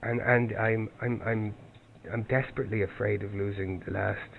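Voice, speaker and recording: Man, lowish voice, halting caller, restarts often; phone-line sound with faint hiss. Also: fairly even intonation, vocal fry. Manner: halting, many restarts and repeated words. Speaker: caller seeking help. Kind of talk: telling his story on a phone call. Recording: tinny phone line, faint background noise.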